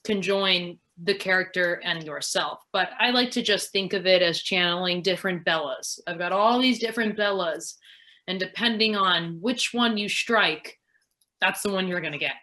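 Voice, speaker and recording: A woman's voice: lowish voice, normal speed, pushed and bright. A woman, an actress, answering interview questions in a casual, rambling way, full of fillers as she thinks aloud. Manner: rambling, filler-heavy, reflective.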